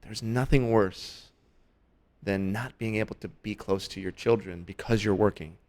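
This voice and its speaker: A man and father, a podcast guest, speaking reflectively and gently emphatic in casual chat. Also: fairly low pitch, moderate pace.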